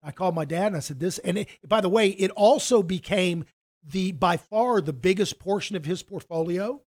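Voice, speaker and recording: High-voiced man telling a rambling story. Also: normal speed, darkish tone. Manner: rambling, restarts often, acts out quoted dialogue. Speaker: financial advisor. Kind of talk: casual storytelling in a conversation.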